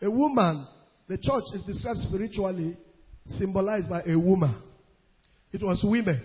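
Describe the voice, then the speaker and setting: High-voiced, husky male preacher in a hall. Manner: emphatic preaching that rises into shouts; draws out scripture quotes slowly. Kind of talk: sermon. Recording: lo-fi recording in a reverberant hall.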